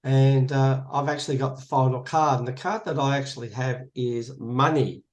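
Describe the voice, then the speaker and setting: A man's voice: medium pitch, moderate pace. A man facilitating a conversation card game over a video call, introducing each card and thanking each participant. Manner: encouraging, thanks each speaker. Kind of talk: guiding a group conversation.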